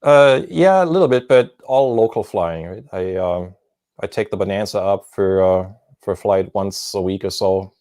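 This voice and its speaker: Calm, low-voiced man on a dry call. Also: moderate pace, no room sound. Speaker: guest pilot. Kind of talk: casual interview chat.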